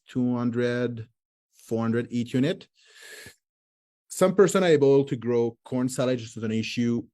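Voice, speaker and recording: Guest, male, thirties, French Canadian accent, native French speaker; halting English full of restarts. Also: medium pitch, mellow. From Quebec, Canada. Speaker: guest, forage lecturer. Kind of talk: casual interview.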